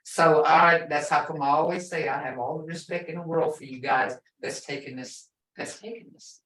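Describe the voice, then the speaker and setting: An older woman from the Muscogee Nation teaching a casual language class, slow and patient, repeating words for learners. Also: deep voice, fairly even intonation, fairly bright tone, roomy sound, recorded from a distance, low-quality recording. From Muscogee (Creek) Nation, Oklahoma.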